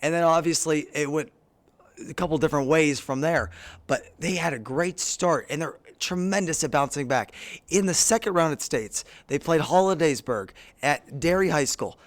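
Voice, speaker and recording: A man with a hoarse voice co-hosting a sports podcast in a studio, recapping games play by play. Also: fairly high pitch, normal speed. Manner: play-by-play recap, addresses co-host by name. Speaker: podcast co-host. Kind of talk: casual sports chat. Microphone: studio microphone.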